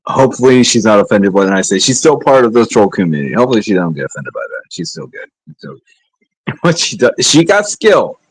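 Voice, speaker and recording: Middle-aged male streamer, husky and rough-edged, loose rambling chat with lots of pitch movement. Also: very animated, brisk, no echo, rough recording. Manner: laid-back, rambling, sighing, joking asides. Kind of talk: rambling casual livestream chat.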